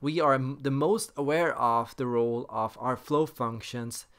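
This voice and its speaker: Male host, explanatory monologue, smooth resonant voice, measured emphasis. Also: mid-range voice, fairly bright tone. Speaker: personality theory channel host.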